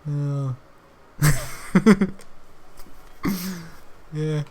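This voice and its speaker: A man's voice: fairly high pitch, drawn-out words, a little mellow. A young man, chatting casually over a game stream, rambling and joking with frequent laughter. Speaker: gaming streamer.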